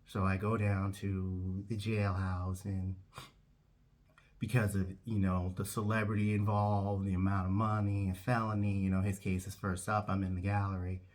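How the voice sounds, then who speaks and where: A man telling a comic anecdote who acts out every voice in an animated way. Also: low-pitched, normal speed. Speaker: comedic storyteller.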